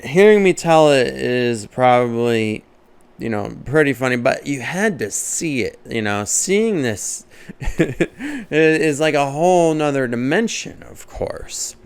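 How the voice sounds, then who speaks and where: A man's voice: medium pitch, lively intonation, slow pace, smooth, dry recording. A man, a comedian, telling a comic story as a monologue and laughing often at his own jokes.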